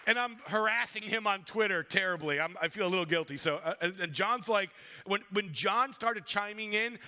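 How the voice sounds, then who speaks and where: A man with a high, bright voice tells a story from a conference stage. He talks playfully and slips into quick impressions of the people in his story. His tone is forceful and sharp. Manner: storytelling, playful, mimics other people in quotes. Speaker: conference speaker. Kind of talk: animated conference talk.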